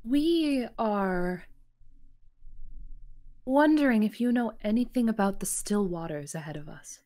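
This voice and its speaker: A woman's voice: mid-range voice, animated, a little slow, dark tone, lightly acted. Lady Leon LaBelle, a woman playing a courteous noblewoman. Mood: polite. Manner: courteous, formal. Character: polite noblewoman adventurer.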